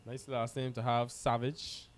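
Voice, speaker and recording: A man's voice: medium pitch, little pitch movement, measured pace, a little hiss or hum. A man commentating live on a cricket match, chatty and teasing his co-commentator.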